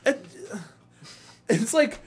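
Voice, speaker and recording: A young man co-hosting a casual podcast chat, ranting animatedly with lots of swearing and laughter. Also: drawn-out words. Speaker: podcast co-host.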